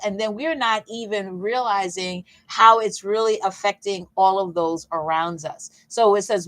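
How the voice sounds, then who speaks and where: Lively woman leading a Bible session. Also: mid-range voice, poor audio. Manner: lively, conversational, with emphatic repeats and playful asides. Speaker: fitness coach and faith session leader. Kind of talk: casual Bible teaching talk.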